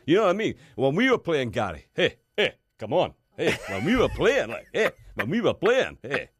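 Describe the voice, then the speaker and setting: A man's voice: fairly high pitch, huge pitch swings, moderate pace, husky, heavily acted. A man doing an impression of a passionate male football pundit who keeps repeating stock phrases. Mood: exasperated.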